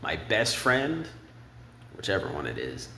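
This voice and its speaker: A man's voice: wildly swooping pitch, a little slow, gravelly, bright, forceful tone, slight background noise. A man casually breaking down song lyrics, rambling and thinking aloud. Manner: rambling, sings snippets of lyrics in falsetto. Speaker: music commentator. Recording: echoey room with faint ambience.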